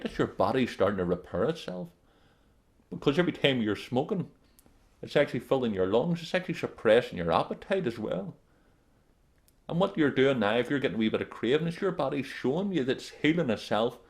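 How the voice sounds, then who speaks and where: A man's voice: mid-range voice, animated, a little fast, vocal fry. A man presenting a self-help video, talking bluntly and emphatically straight to his viewers, repeating his main points and calling them "guys". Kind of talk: direct-to-camera motivational advice.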